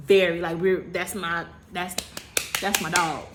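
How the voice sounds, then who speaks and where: A woman in her thirties with a somewhat low voice tells a personal storytime to her viewers. She is animated and dramatic, repeating words for effect and slipping into slangy, self-mocking asides. A faint hiss sits behind her. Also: slow. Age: 30s. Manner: animated, dramatic retelling with repetition. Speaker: vlogger. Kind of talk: casual storytime.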